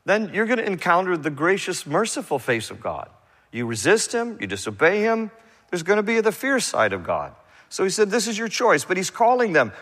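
Conversational male pastor in a reverberant hall. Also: mid-range voice. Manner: conversational, animated preaching with quick asides. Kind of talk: verse-by-verse sermon.

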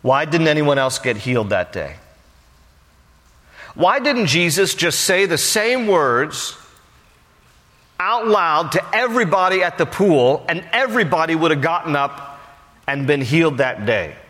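A middle-aged man preaching a sermon as pastor, telling a story in a conversational, animated way. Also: on the high side, unhurried, long pauses, in a large hall. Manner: conversational, animated, acts out dialogue.

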